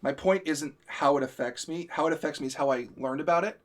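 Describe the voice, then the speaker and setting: A man hosts a live stream and vents in a heated, profane, emphatic rant. His voice is fairly high and his pace is quick.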